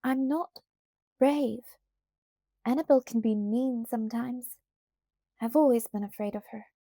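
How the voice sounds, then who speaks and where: A woman voicing a timid, gentle young girl who speaks in a soft, hesitant way. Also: measured pace, no echo, studio quality. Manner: soft, hesitant, slightly high.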